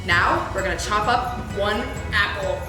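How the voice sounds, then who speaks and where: A woman's voice: medium pitch, unhurried, echoey room, over music. A woman hosting a cooking segment on a school news show, giving step-by-step instructions. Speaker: student cooking segment host. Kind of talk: cooking demonstration.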